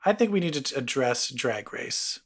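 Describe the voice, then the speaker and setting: A man co-hosting a podcast, recounting gossip in an animated casual chat, acting out quotes and swearing freely. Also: medium pitch, moderate pace. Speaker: podcast co-host.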